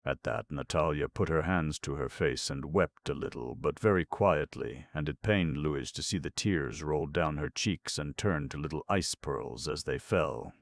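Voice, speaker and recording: Very deep gravelly male narrator. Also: measured pace, few pauses. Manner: steady storytelling. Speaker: audiobook narrator. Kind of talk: scripted narration.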